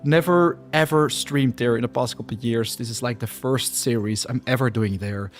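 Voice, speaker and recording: A man's voice: medium pitch, moderate pace, faint music behind. A man chatting casually on his live stream, slightly out of breath, with lots of fillers and restarts. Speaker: game streamer.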